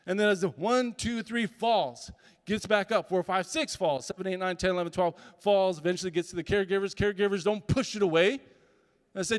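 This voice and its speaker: A man's voice: high voice, moderate pace. A man giving a motivational talk as a summit speaker. He tells stories and acts out voices and sounds. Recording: reverberant hall.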